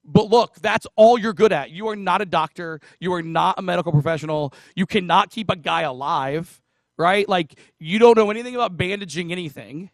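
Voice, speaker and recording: A man's voice: sits high, a little fast, dry recording, studio quality. A man preaching a casual sermon, retelling a parable in a chatty, joking way with asides to the congregation. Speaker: pastor.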